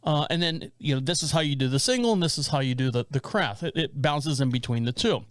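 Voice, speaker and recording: A man's voice: on the high side, fast talker, no room sound. Man, forties, podcast co-host, rambling anecdotes, dry close mic. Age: 40s. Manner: rambling, animated storytelling with frequent restarts. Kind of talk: casual storytelling chat.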